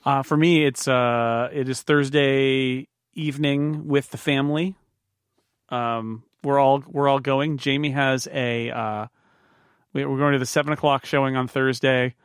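A man hosting a casual podcast chat, easygoing and halting, often restarting his sentences. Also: medium pitch, steady tone, smooth, dry recording, studio quality. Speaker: podcast host.

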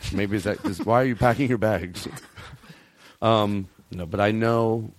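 A man hosting a casual comedy podcast, joking loudly and putting on mock showman bravado. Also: lowish voice, a little slow, no echo. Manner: animated, jokey, swings into mock showman bravado. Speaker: podcast host.

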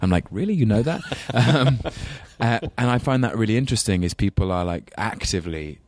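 A very low-voiced man from England with a London accent chats casually as a talk show guest, thoughtful, expressive, rambling, and quick to laugh. The sound is dry and close.

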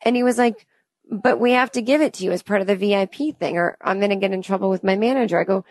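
A woman's voice: mid-range voice, quick pace, dry recording. A woman in her thirties tells a comedic story and slips into the voices of everyone in it. Her asides are chatty. The mic is close and dry, with no room sound. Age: 30s. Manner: acts out both sides of the dialogue with chatty asides.

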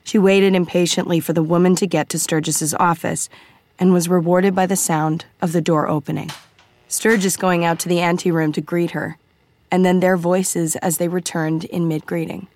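A woman narrating an audiobook in a measured, quietly suspenseful way. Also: fairly low pitch, flat delivery, no room sound.

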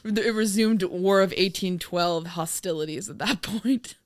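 A woman from the United States co-hosting a casual movie commentary podcast, sarcastic and animated, laughing often. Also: mid-range voice, measured pace, no echo, clean studio sound. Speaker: podcast co-host.

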